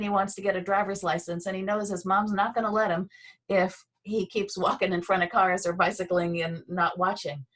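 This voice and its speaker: A woman teaching a Feldenkrais movement and voice lesson on a video call, guiding slowly and gently with pauses. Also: medium pitch.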